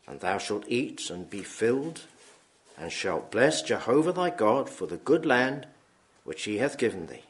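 A man's voice: fairly low pitch, very animated. Solemn man reading scripture. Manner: slow, solemn reading with throat-clearing. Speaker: preacher.

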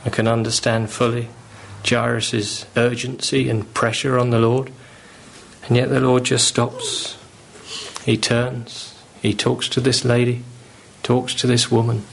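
Slow, earnest preacher. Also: male voice, medium pitch, little pitch movement, creaky, slight background noise. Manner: earnest, pleading, rising with fervour. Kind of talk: sermon.

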